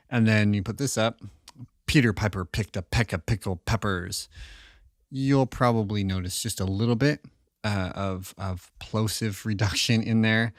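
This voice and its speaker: Low-voiced man giving a casual studio tutorial. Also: no echo. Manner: relaxed, thinking aloud with many fillers and restarts. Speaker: audio tutorial host. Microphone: close studio microphone with pop filter.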